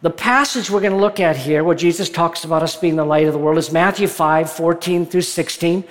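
A male pastor preaches a sermon in a conversational style, reading from scripture and at times rising with excitement. His voice is a little high and his pace a little fast.

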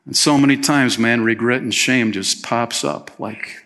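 A man delivering a sermon in a church, his voice bright and forward. He talks to the congregation like friends, dropping in "man" and slipping into the voices of the people he quotes. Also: medium pitch, a little slow. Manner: conversational preaching, peppered with "man", acts out quotes. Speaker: pastor.

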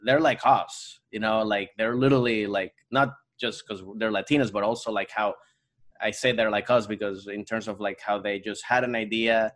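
A Venezuelan-accented man with a fairly low voice, chatting as a guest on a podcast. He talks loosely, circling back with fillers and restarts as he works out what he means. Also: a bit bright. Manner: rambling, many restarts and fillers. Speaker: actor and comedian guest. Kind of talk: casual podcast interview.

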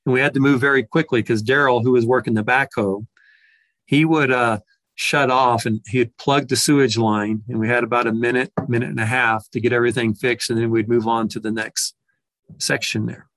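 Man, middle pitch, storyteller, reflective and halting, dry close sound. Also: steady tone, a bit bright, no room sound. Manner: reflective, with frequent restarts and repeated words. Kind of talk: personal storytelling.

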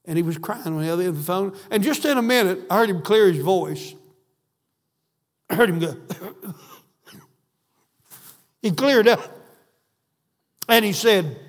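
A man's voice: high voice, lively intonation, measured pace, pauses often. A man preaching a sermon, fervent and emphatic, repeating phrases for stress. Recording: echoey hall.

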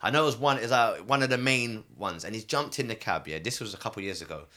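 A man's voice: lowish voice, fast talker, noisy background. A man, a taxi driver telling slangy anecdotes in casual chat.

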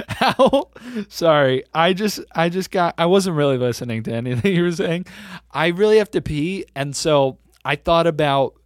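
Giggly podcast guy, bouncy animated voice, dry close mic, always teasing. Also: a little high, normal speed, dry recording. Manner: giggly, teasing, laughs often. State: a bit out of breath. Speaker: podcast co-host. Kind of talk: casual comedic banter.

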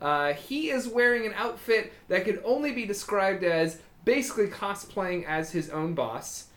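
A man running a tabletop game, narrating in a loose, rambling way with lots of ums and likes. His voice is bright and clear, and it carries an echoey room sound. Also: sits high, lively intonation, moderate pace. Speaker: game master.

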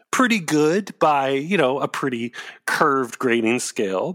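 A man's voice: medium pitch, lively intonation, unhurried, fairly bright tone. A man co-hosting a casual comedy chat with playful, wry asides. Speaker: podcast co-host.

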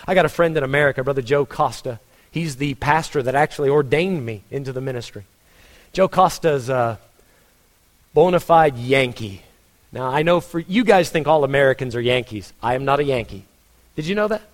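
Texan preacher in a reverberant hall. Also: male voice, medium pitch, expressive, a little fast. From Texas. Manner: conversational preaching with many restarts and rhetorical questions. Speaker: pastor. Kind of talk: sermon.

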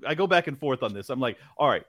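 A man chatting on a podcast in a loose, animated way, swearing freely and breaking into laughs. His voice sits at an ordinary middle pitch. It is recorded close and dry, with no room sound. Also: fast, no echo. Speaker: podcast host. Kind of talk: casual chat.

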